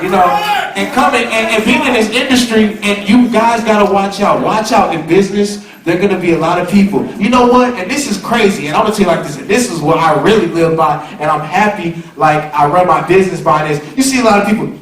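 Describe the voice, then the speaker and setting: A man's voice: high-pitched, a little fast. A man from the California Bay Area giving a rambling, slang-heavy informal lecture to students in a university hall, repeating himself often. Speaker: guest speaker. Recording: echoey hall, recorded from far off. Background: audience murmur.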